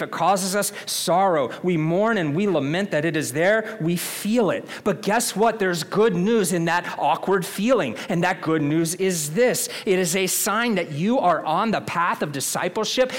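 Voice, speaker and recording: Pastor guy preaching, fairly high voice, talky and earnest, keeps asking the room questions. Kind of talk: sermon.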